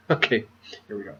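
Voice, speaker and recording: A man's voice: sharp tone, dull audio. A man giving casual political commentary in a vlog, amused and exasperated, stumbling over his words. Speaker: vlogger.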